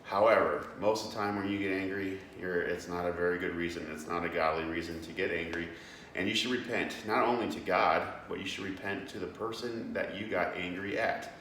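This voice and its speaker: A man's voice: low voice, steady tone, a little fast, a bit bright, far from the mic. A young man giving a casual devotional talk as host, earnest and plain-spoken, with many fillers and restarts. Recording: echoey room, away from the mic, faint background noise.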